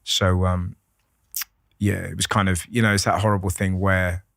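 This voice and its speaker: Man, British accent, halting and sweary storyteller, low register. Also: flat delivery, vocal fry, fairly bright tone, no room sound, clean studio sound. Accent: British English. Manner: rambling, halting with many restarts and fillers, swearing freely. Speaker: guest comedian. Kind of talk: candid conversational storytelling.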